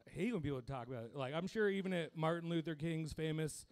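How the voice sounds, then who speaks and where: A man's voice: on the high side, fast, darkish tone. A young man doing a crude, self-deprecating stand-up set, laughing at his own jokes. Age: young adult. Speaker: stand-up comedian.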